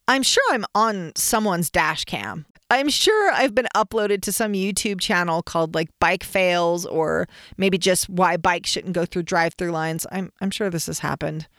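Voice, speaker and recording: A woman host telling a personal story in a casual, animated way. She laughs often and acts out the shouts of other people. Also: medium pitch, no room sound, studio quality.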